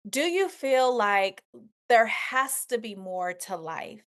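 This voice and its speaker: A woman's voice: a little high, very animated, takes it slowly, a bit bright. A woman hosting a podcast, speaking emphatically and encouragingly with repeated phrases. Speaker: podcast host. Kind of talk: motivational podcast talk.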